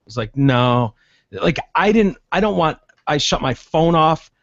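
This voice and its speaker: Chatty male podcast host, slightly high and expressive, profane storyteller; dull, dry recording. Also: unhurried, no room sound. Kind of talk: casual chat.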